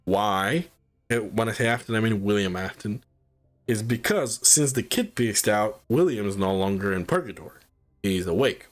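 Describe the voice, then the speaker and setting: A man's voice: on the low side, lively intonation, moderate pace. A man giving a casual spoiler review of a movie, swearing often and sounding incredulous as he rambles.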